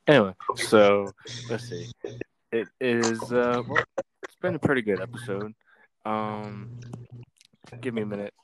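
A young man co-hosting a casual podcast, rambling and giggly with lots of fillers. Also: on the low side. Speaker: podcast co-host. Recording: noisy home recording.

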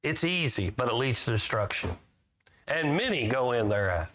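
A man preaching a sermon in a homespun, conversational way. His voice sits at an ordinary middle pitch, and it climbs as he reads scripture aloud. He keeps turning to the congregation with questions. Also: very animated, normal speed, a bit bright. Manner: folksy, asks the congregation questions.

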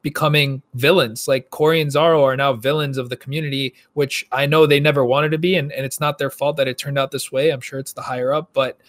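A man co-hosting a gaming podcast, chatting casually and telling stories with animated asides. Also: medium pitch, fast, hardly any pauses. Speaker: podcast co-host.

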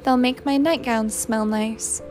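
Storybook teen girl, flippant and cheeky, pitched up, unhurried, voiced by a woman reader. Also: fairly even intonation, a little mellow, faint music behind, close to an everyday voice. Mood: defiant. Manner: flippant, wisecracking. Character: teenage girl, sassy and teasing.

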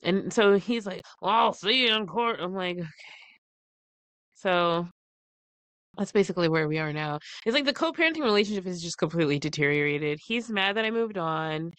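A woman's voice: fairly low pitch, animated, a little fast, clean tone, no echo. A woman in her thirties co-hosting a podcast, animatedly retelling a story with quoted dialogue and frequent laughs. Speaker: podcast co-host. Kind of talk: casual chat, storytelling.

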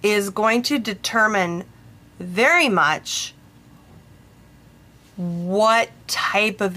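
Woman podcast host, slow-paced, bright and forceful tone, rambling casual storyteller. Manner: chatty, rambling, with frequent fillers and restarts; lively, jumps high in pitch when quoting people. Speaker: podcast host, bridal tailor.

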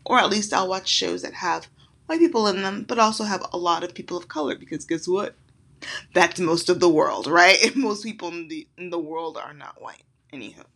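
A young woman from the United States, hosting her own podcast and chatting casually, acting out the quotes as she tells a story. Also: lowish voice. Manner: animated storyteller who acts out quotes. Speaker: podcast host. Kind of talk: casual monologue.

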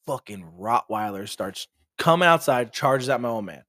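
A man's voice: mid-range voice, moderate pace. A man co-hosting a podcast, telling a rowdy story in casual chat, swearing freely and acting out the voices of the people in it. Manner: animated storyteller, swears a lot, acts out voices. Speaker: podcast co-host.

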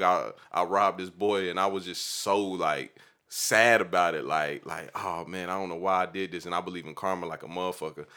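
A man's voice: low-pitched, bright, forceful tone. A man hosting a casual podcast, telling stories loosely and profanely with lots of fillers. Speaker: podcast host.

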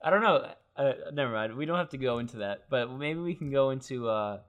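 A man's voice: medium pitch, expressive, a little fast, fairly bright tone. A young man in his twenties co-hosting a podcast. He talks in a laid-back, easygoing way and keeps nudging the talk on to the next topic. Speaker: podcast co-host. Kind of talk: casual chat.

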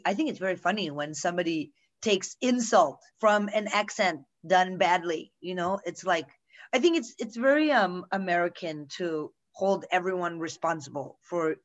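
A woman's voice: on the low side, lively intonation, moderate pace. A woman co-hosting a casual chat, sharing strong opinions in a loose, rambling flow full of asides.

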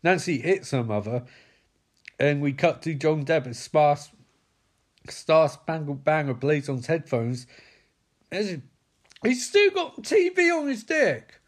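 A man's voice: fairly high pitch, very animated, measured pace, pauses often. A man giving a comedic film recap, sarcastic, incredulous and full of swearing. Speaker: movie recap commentator.

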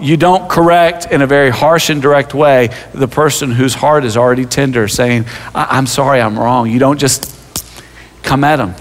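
A man preaching a sermon as pastor, telling personal stories with self-deprecating humor and stumbling restarts. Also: mid-range voice. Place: church sanctuary. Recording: long reverb of a large hall.

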